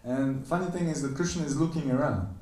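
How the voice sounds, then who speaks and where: A man giving a temple lecture, animatedly telling a story and acting out the characters' quoted lines in a higher voice. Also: brisk, mellow. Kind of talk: storytelling sermon. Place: temple hall. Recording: echoey room, voice from a distance.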